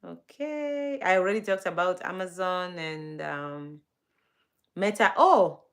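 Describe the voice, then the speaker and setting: A woman's voice: fairly low pitch, lively intonation, slow. A woman hosting a casual livestream, reading out entertainment news and greeting viewers by name in a chatty, upbeat way. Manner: upbeat, laughs between items. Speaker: livestream host.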